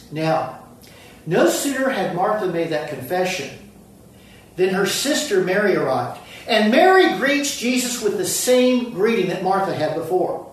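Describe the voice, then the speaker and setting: Pastor preaching slow, repeats lines, voice swings up and down a lot, big echoey church from far off. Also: mid-range voice, very animated. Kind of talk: sermon.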